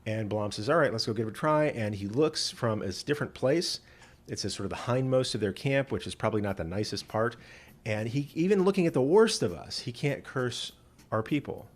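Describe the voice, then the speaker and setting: A man's voice: mid-range voice, expressive, moderate pace. A man who is a rabbi, retelling scripture casually with humor and many fillers.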